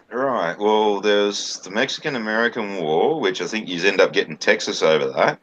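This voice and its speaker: Deep-voiced man in profane, rambling chat. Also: animated, normal speed, a bit bright, dull audio, slight background noise. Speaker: stream co-host. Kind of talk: casual chat.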